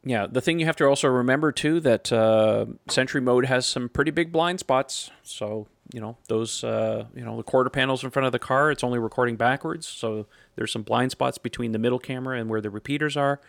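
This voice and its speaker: A man hosts a casual podcast, his voice gravelly with plenty of fry. He talks in a relaxed, rambling way and trails off at the ends of thoughts. The sound is dry and close, with no room around it. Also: mid-range voice, fairly quick, few pauses, dry recording. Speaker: podcast host.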